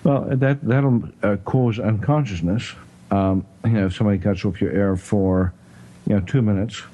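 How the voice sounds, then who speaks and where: Low-voiced South African man, halting. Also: dark tone, low-quality recording. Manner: halting, full of "you know" and throat clearing. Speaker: health talk host. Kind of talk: casual explanatory chat.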